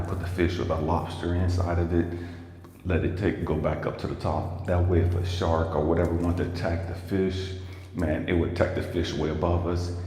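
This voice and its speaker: Deep-voiced man telling a story in an echoey room. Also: mellow. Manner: emphatic, casual, swears freely, talks straight to viewers. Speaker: life coach and motivational speaker. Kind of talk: livestreamed motivational storytelling. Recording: echoey room with long reverb and faint noise.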